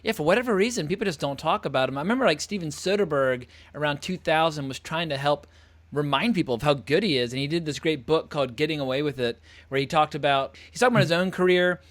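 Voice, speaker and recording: A man with a slightly raised pitch joins the conversation as a guest critic. He speaks in a relaxed, thoughtful way about directors and films. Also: fast. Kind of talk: casual film discussion.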